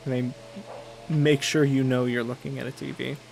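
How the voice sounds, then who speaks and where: A man's voice: medium pitch, flat delivery, moderate pace, creaky, darkish tone, poor audio. A tired man giving casual, rambling commentary while playing a game, with a faint air conditioning hum. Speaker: gamer. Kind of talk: casual let's play commentary.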